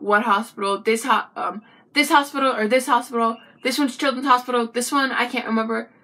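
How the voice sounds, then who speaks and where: A young woman vlogger telling a personal story to the camera in a chatty, animated way, with frequent asides to the viewer. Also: on the high side.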